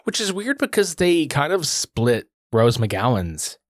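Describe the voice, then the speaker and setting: Male co-host, casual and profane, animated delivery, dry close sound. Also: fairly high pitch, measured pace, dry recording. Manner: profane, laughing, acts out quotes in raised voices. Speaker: podcast co-host. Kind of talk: casual chat.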